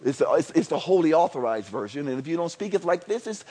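A man with a high, bright-sounding voice preaches a sermon in a church. He repeats himself for emphasis and drops into chatty asides. Then he builds up to near-shouting. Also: fast, background noise. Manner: animated, swinging from soft to near-shouting. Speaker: pastor.

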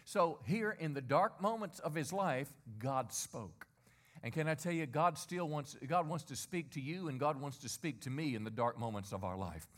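A man's voice: a little high, animated, moderate pace. A middle-aged man preaching a sermon as a pastor. He speaks in a conversational way, asks many rhetorical questions and gets the congregation to repeat lines after him.

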